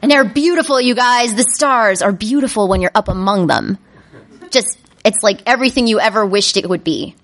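A woman telling a comedic personal story to a live audience, animated and self-mocking. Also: mid-range voice, moderate pace. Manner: animated, self-mocking, breaks into panicked inner voices.

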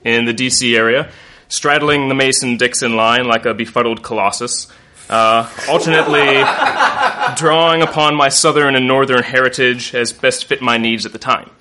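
A man's voice: medium pitch, normal speed, sharp tone, a little hiss or hum. A man from Northern Virginia telling a comic story on stage in wry, mock-grandiose language.

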